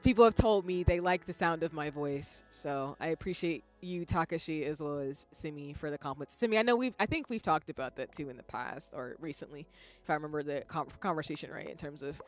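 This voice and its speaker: A woman live streamer with a low-pitched voice chats casually with viewers at a moderate pace, faint music playing behind her. She rambles, laughs often and reads the chat aloud.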